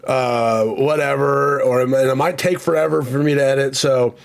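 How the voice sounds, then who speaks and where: A man's voice: mid-range voice, steady tone, moderate pace, creaky. A man streaming casually, rambling and joking about himself, swearing freely and reading out chat comments.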